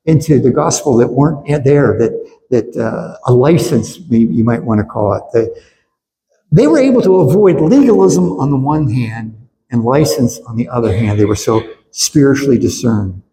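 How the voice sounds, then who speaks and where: A man's voice: medium pitch, animated, moderate pace, mellow, a little hiss or hum. A man preaching a sermon as pastor, earnest and emphatic, often repeating words as he builds to his points. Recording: echoey hall with faint ambience.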